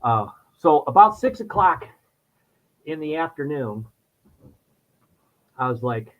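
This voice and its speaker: A man telling a personal story on a podcast in casual chat, his voice jumping high when he acts out his younger self. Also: lively intonation, moderate pace, long pauses, dull audio. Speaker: podcast guest.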